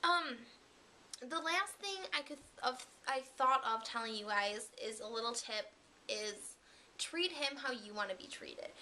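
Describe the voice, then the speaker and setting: A woman's voice: fairly high pitch, animated, a little slow, bright, forceful tone, slight background noise. A young woman vlogger talking candidly to the camera, giving relationship advice in a chatty, casual way with some mild swearing.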